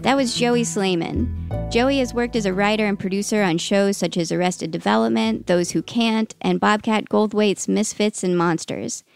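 A woman's voice: mid-range voice, moderate pace, vocal fry, faint music behind. A woman hosting a podcast in scripted narration, plain-spoken, wry and self-deprecating. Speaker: podcast host.

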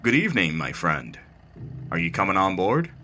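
A gentle, fatherly phantom bus driver in a horror story, as the narrator puts him on. He speaks softly and coaxingly, his low voice lilting up and down with a quiet, sinister friendliness underneath. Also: wildly swooping pitch, normal speed, slight background noise, heavily acted.

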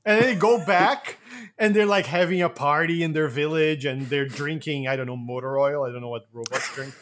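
A man's voice: a little high, fairly quick, a bit bright. A man chatting casually about a film, rambling, swearing and acting out characters as he retells scenes. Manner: rambling, swearing, acts out characters mid-story. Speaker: podcast co-host.

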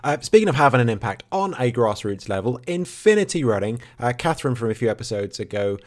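A man's voice: medium pitch, big pitch swings, quick pace. A man co-hosting a casual podcast, wry and casual, swearing now and then. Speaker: podcast co-host.

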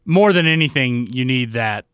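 A man co-hosting a podcast, chatting in a relaxed, casual way and trailing off with fillers. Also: medium pitch, normal speed, smooth, no room sound, clean studio sound. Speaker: podcast co-host. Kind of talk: casual chat.

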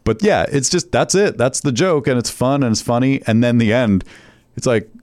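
A man hosting a podcast in casual chat, talking in a relaxed way with halting restarts and frequent chuckles. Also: medium pitch, dry recording. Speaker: podcast host.

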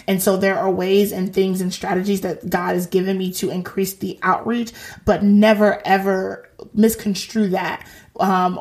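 A woman in her thirties hosting a faith podcast, talking in a lively, slangy, encouraging way. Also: mid-range voice. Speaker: podcast host. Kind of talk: casual faith talk.

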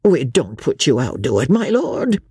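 A woman voicing a deferential old male innkeeper who speaks slowly in a folksy, rustic way. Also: extremely low pitch, very animated, mellow, husky, no echo, clean studio sound, heavily acted.

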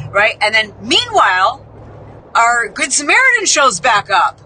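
A woman's voice: big pitch swings, measured pace, bright, forceful tone, slight background noise, rough recording. Chatty Midwestern woman telling a story. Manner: chatty, self-mocking, acts out quotes with jumps in pitch. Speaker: podcast host. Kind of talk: casual storytelling.

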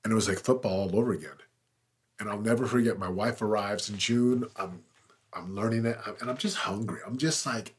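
A man's voice: on the low side, a little fast, husky. A man in his forties, a podcast guest, telling his story in an earnest, emphatic way that swells with intensity. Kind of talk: conversational interview storytelling.

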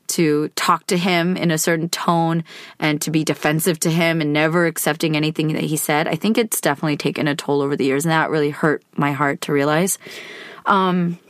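A woman with a fairly low-pitched voice tells a personal story on her podcast, candid and unguarded. She talks conversationally and leans on loose hedges as she goes. The sound is close and dry, with no room behind her. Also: fairly even intonation, fairly quick, no echo. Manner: candid and conversational, with frequent hedging fillers. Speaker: podcast host.

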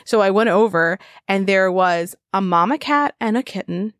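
A woman's voice: medium pitch, moderate pace, no echo, studio quality. A woman co-hosting a casual podcast, playful and giggly, rambling through jokes. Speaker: podcast co-host. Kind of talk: casual chat.

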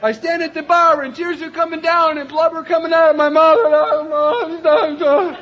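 Older man, unusually high voice, emphatic recovery-meeting speaker, muffled lo-fi recording. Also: flat delivery, brisk, background noise. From Cleveland, Ohio, USA. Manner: emphatic, raises voice to a shout then drops low. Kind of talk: personal recovery story told to a meeting. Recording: dull lo-fi recording.

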